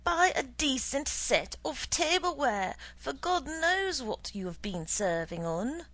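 A woman's voice: high voice, sing-song, takes it slowly, fairly bright tone, no echo, voice pushed up, full character voice. Woman playing a pompous blustering Soviet boss. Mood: indignant. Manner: indignant, lecturing, theatrical.

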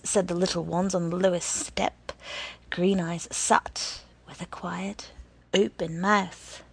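A woman narrating a story in a measured, deliberate reading with a husky voice. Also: lowish voice, flat delivery.

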